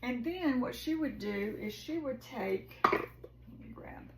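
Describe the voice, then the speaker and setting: A woman's voice: a little high, animated, takes it slowly, reverberant, very noisy. A woman, chatting homily as she cooks and talks viewers through her holiday dishes in her kitchen. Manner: homey and chatty, says "y'all". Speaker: cooking vlogger. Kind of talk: casual cooking chat. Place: home kitchen.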